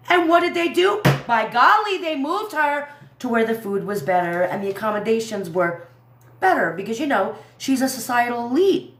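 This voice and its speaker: A woman giving a heated, profane commentary rant on a livestream, repeating herself as she vents. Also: on the high side. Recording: echoey room.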